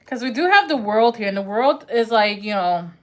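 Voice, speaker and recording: A woman's voice: on the high side, expressive, moderate pace. A woman giving a casual live-stream tarot reading, chatty and full of "like" and "right?", who says her accent is thick. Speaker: tarot reader.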